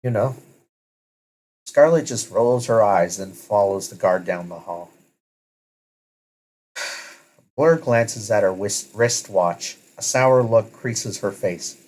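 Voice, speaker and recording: Low-voiced man narrating a story. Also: takes it slowly, long pauses, darkish tone, low-quality recording. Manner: self-correcting, casual. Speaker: story reader. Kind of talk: second-person story narration.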